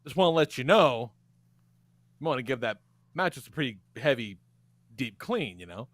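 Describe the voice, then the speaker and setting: A man's voice: mid-range voice, expressive, normal speed. A man co-hosting a podcast, telling a rambling story with lots of swearing and laughter. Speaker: podcast co-host. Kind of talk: casual podcast chat.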